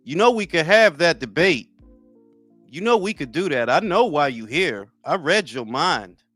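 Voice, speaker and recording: A man's voice: fairly high pitch, sing-song, unhurried, a bit bright, no echo, faint music behind. A man in his forties hosting a boxing talk livestream, chatting casually with viewers in loose, profane, joking banter. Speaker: boxing talk show host.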